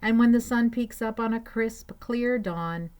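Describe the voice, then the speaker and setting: A woman reading a children's picture book aloud, adding gentle, chatty asides to her listeners. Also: a little high, a little slow, clear, resonant tone. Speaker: storyteller.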